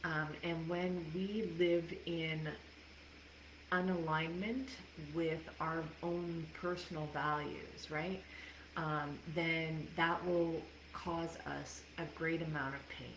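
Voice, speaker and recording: A woman's voice: low-pitched, fairly even intonation, slow, fairly bright tone, slight background noise. A woman life coach talking candidly to a live audience, swearing freely and laughing often. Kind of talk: casual livestream talk. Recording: echoey room with faint ambience.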